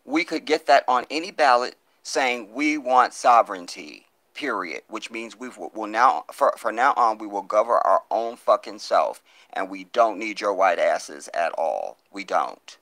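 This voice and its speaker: A man's voice: on the low side, lively intonation, unhurried, few pauses, fairly bright tone, dry recording. A man hosting a live stream, reading viewer comments and pleading for donations in an impassioned, profane way, on a phone mic. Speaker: livestream host.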